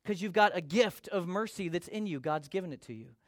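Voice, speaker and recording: A middle-aged man preaching a sermon as pastor, conversational and animated, acting out little quotes. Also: high voice, fairly quick, dry recording, studio quality.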